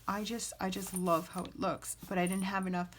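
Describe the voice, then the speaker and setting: A woman's voice: medium pitch, fairly even intonation, fairly quick, a little hiss or hum. A woman in her thirties hosting a casual craft flip-through, rambling and self-deprecating, with plenty of filler words. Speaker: junk journal crafter and channel host.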